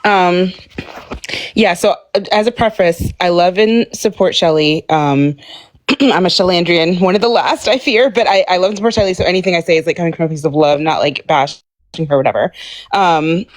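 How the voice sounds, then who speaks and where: A woman on a podcast panel, talking earnestly and haltingly, with many fillers and restarts. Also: on the low side. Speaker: panel guest. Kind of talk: casual panel discussion.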